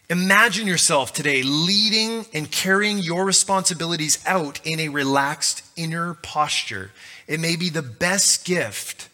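A man's voice: on the high side, bright, forceful tone. A male pastor giving a conversational, joking sermon.

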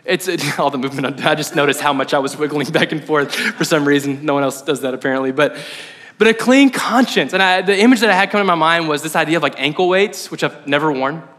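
A man preaching a sermon as pastor, conversational and animated, often checking in with the audience. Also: a little high, fast talker. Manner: conversational, animated, frequent "right?" asides. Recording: long hall reverb.

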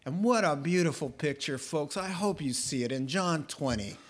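Animated pastor telling a story. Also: male voice, normal speed. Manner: animated storytelling, voicing characters with a rising pitch; conversational, jokes with the congregation. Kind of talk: sermon.

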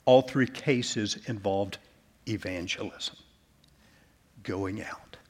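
A male pastor delivering an earnest sermon in a church, closing in soft prayer. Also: on the low side, slow pace.

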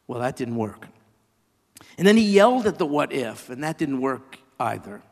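A man preaching, reading a children's story with animated delivery and side remarks to his listeners. His voice sits on the higher side, and it carries a long reverb.

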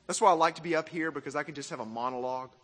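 A man from Arkansas, preaching a sermon in an animated, self-mocking way and asking the crowd questions. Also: on the high side, very fast, long reverb tail. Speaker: pastor.

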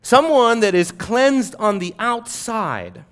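A man preaching a sermon as pastor, emphatic, building on repeated phrases and swinging from soft to loud. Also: high-pitched, sing-song, slow pace.

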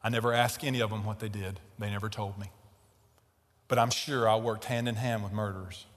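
A man preaching a sermon, telling a story and growing loud and animated in tense moments. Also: lowish voice, a little fast, big-room sound. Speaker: pastor. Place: large tent.

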